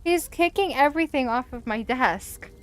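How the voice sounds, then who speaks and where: A woman's voice: sits high, animated, normal speed, a little hiss or hum. A woman game streamer chatting casually and giggling, breaking off to talk to her pets and family. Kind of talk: casual live-stream chat.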